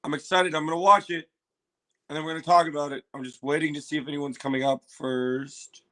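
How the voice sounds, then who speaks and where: Male streamer with a slightly high voice, casual and excitable, prone to loud swearing and repeated phrases. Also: brisk. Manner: excitable, exclaims and swears loudly; apologetic, repeats himself. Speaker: livestream host reacting to a trailer. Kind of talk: casual livestream chat.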